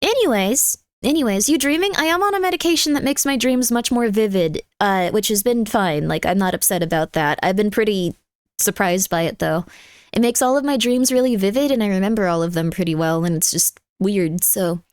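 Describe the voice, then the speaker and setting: A woman's voice: medium pitch, expressive, fairly quick, clean tone, no echo, studio quality. A woman livestreamer in casual chat, rambling and breaking off her own sentences while she reads out viewer messages. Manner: rambling, scattered, self-interrupting.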